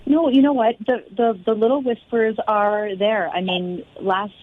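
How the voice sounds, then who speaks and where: A woman's voice: mid-range voice, steady tone, unhurried, phone-quality sound. A woman, a fitness studio owner, telling her story as a guest and acting out the conversations she recalls. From Canada. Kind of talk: interview storytelling.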